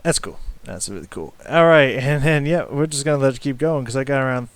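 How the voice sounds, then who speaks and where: A man giving casual music reaction commentary, rambling and halting with many fillers and restarts, swearing casually and humming along with the riffs. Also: mid-range voice, slight background noise. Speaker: music reaction channel host.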